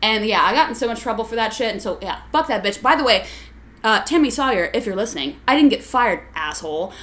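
A woman with a fairly high voice rants through a story in casual chat, swearing freely and putting on mocking voices. The sound is roomy and echoey. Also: fast. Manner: profane, ranting, animated storyteller. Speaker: podcast co-host telling a story. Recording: echoey room.

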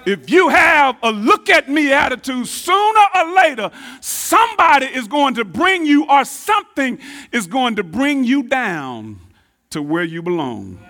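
A man preaching a sermon, repeating key phrases and swinging between booming emphasis and hushed asides. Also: big pitch swings, unhurried. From Texas, United States. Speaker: pastor.

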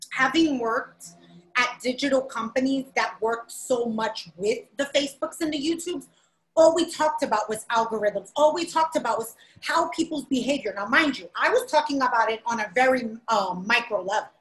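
A woman's voice: high-pitched, reverberant, poor audio. A woman co-hosting a podcast in casual chat, chatty and rambling. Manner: chatty, rambling with fillers, animated. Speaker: podcast co-host.

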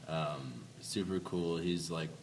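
Young man, very deep, easygoing, laughs a lot, distant mic, background noise. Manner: laid-back, laughs often, trails off. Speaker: band member guest. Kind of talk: casual interview chat.

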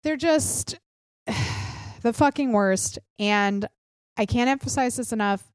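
A woman's voice: fairly high pitch, takes it slowly, clear, resonant tone, dry recording, clean studio sound. A woman in her thirties hosting a political podcast, ranting bluntly and sarcastically with frequent swearing. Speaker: podcast host. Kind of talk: opinionated political podcast rant.

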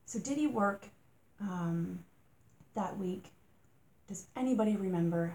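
A woman's voice: medium pitch, unhurried, pauses often, mellow, slight background noise. A woman hosting a true-crime podcast, talking casually through her thoughts, asking rhetorical questions and sometimes getting exasperated.

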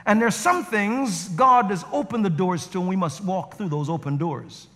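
Recorded in a church sanctuary with hall reverb, a male guest pastor preaches and tells stories animatedly, acting out the quotes. His voice is high-pitched and his pace moderate.

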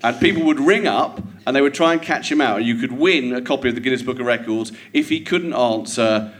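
Animated English comedian telling a story. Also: male voice, medium pitch, brisk. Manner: animated storyteller who acts out quotes, builds to punchlines. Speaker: comedian guest. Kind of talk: anecdotal storytelling to a live audience. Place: theatre stage with live audience.

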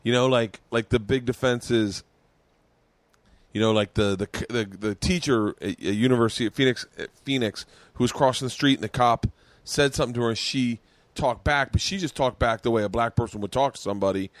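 A man's voice: mid-range voice, fairly quick, dry recording. A man hosting a podcast, telling stories in casual chat and acting out other people's lines as he goes. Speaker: podcast host.

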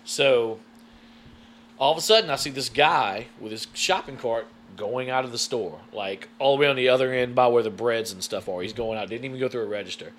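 A man telling a story in casual chat, animated and swearing freely. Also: mid-range voice, fairly quick, a little hiss or hum. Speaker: guest.

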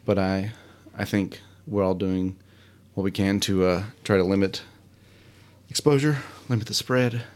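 Guy with a lowish voice rambling thru a solo show, lots of ums and uhs, pokes fun at himself. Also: fairly even intonation, a little slow, darkish tone. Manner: rambling, self-deprecating, many fillers. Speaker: podcast host. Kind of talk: casual solo chat. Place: home studio, alone.

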